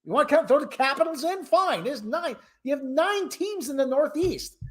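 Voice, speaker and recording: A man's voice: very high-pitched, lively intonation, moderate pace, a bit bright. A man from the Hartford area hosting his own show, ranting in a casual, exasperated, rambling way with many restarts. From Connecticut, Hartford area. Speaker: host. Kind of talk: casual rambling sports commentary.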